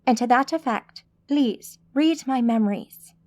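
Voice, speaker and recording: Woman doing a calm ancient woman mage, formal, patient, fairly high voice. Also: unhurried, lightly acted. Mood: composed. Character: calm, composed centuries-old woman mage.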